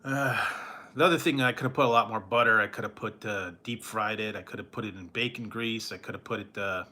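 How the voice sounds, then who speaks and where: A man's voice: lowish voice, bright, forceful tone. A tired man rambling and chuckling as he chats casually with viewers on a late-night livestream. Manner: rambling, chuckling often, drawn-out slow delivery. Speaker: food reviewer chatting with live viewers.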